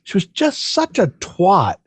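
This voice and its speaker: A man's voice: high-pitched, huge pitch swings, a little slow, slightly rough, dry recording. A man co-hosting a podcast, telling a long profane story in casual chat, with many restarts. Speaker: podcast co-host.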